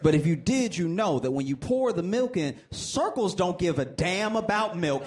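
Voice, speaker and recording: A man in his thirties from Louisiana doing a stand-up set, telling stories with acted-out voices and shouted punchlines. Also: sits high, moderate pace, few pauses. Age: 30s. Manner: animated storytelling, acting out voices, building to shouted punchlines. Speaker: stand-up comedian. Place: theater stage. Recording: live stage with audience noise.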